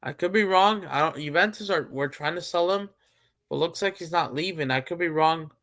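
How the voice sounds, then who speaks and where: Gravelly-voiced man chatting football. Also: fairly high pitch, normal speed, a bit bright. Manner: rambling, thinks aloud with many fillers and restarts. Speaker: streamer host. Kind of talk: casual football chat.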